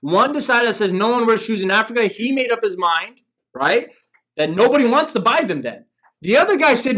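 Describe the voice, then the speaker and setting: A man's voice: very high-pitched, lively intonation, a little fast, fairly bright tone. A man hosting a business coaching show, giving an emphatic motivational talk full of rhetorical questions.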